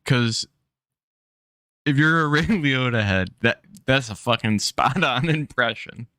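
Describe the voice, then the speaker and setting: A man's voice: medium pitch, unhurried, bright, forceful tone, no room sound, clean studio sound. A man streaming, chatting casually and profanely while reacting to a clip. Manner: profane, offhand, loose.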